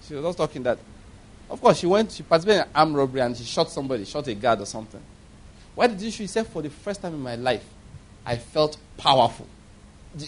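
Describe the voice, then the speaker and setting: A middle-aged pastor delivering a fervent sermon. His voice sits high for a man, and he drives his points home with rhetorical questions and bursts of laughter.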